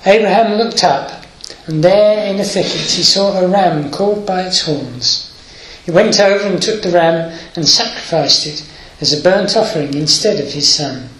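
Emotional preacher in an echoey room. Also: male voice, sits high, fairly bright tone, a little hiss or hum. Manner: unhurried, emotional, with hesitant fillers. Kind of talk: sermon reading and explaining scripture.

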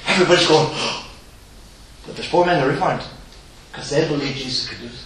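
Preacher, echoey church. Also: male voice, on the high side, brisk. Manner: animated storytelling, acting out voices of characters. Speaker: visiting preacher. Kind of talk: sermon. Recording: roomy echo, distant mic, faint hiss.

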